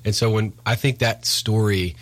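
A man's voice: lowish voice, normal speed, no room sound. A man in a casual faith conversation, telling stories and acting out sarcastic voices. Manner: animated storyteller who acts out sarcastic voices.

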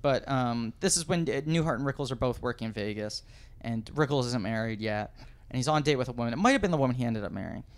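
Male podcast guest, 30s, animated and digressive raconteur, average pitch. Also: fast talker, clear, resonant tone. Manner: animated, digressive storyteller, does voices. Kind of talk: casual chat, storytelling.

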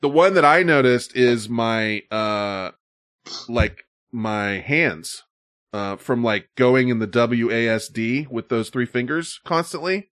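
A man rambles casually on a live stream, peppering his talk with swears and fillers. His voice sits in an ordinary middle pitch. The sound is close and dry, with no room around it. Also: slow, fairly bright tone, dry recording. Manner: rambling, loose, swears often. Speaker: stream co-host. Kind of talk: casual profane chat.

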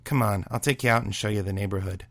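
A man reading the part of a blunt, no-nonsense female homicide detective, brisk and exasperated. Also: lowish voice, vocal fry, dry recording. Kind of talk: audiobook reading of a serial story.

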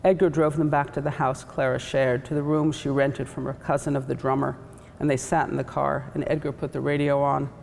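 A woman author with a measured, thoughtful delivery, reading from her novel and reflecting on it. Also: a bass voice, little pitch movement, creaky, darkish tone. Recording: echoey hall, faint background noise.

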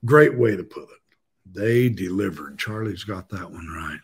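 A man's voice: low voice, animated, normal speed, slightly rough. A man hosting a live-streamed podcast, chatting casually and joking with his guest. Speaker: podcast host.

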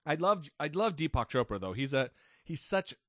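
A man's voice: a little high, sing-song, normal speed, fairly bright tone, no echo, studio quality. A man co-hosting a casual skeptic podcast, joking and swearing, often stumbling and restarting his words. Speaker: podcast co-host.

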